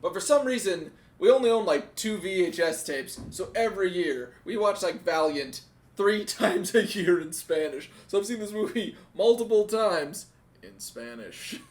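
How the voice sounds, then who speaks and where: Young man, upbeat podcast chat, storytelling, somewhat high pitch. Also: expressive, moderate pace. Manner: upbeat, storytelling, laughs often. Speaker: podcast co-host. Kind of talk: casual chat.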